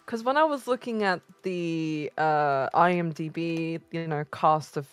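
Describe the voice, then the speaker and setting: A woman co-hosting a casual movie podcast, drawing out her words and breaking into loud exclamations when excited. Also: low voice, a little slow, smooth. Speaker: podcast co-host.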